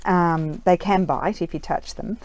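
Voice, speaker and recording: A woman's voice: lowish voice, fairly even intonation, unhurried, crowd noise. A middle-aged Australian woman talking casually while she crafts, rambling through stories with lots of fillers and restarts. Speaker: craft vlogger.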